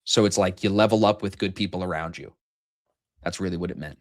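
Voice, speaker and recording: A man in his thirties hosts a live trading stream in loose, rambling banter. His voice sits low, and he jokes and swears freely as he talks. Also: fairly quick.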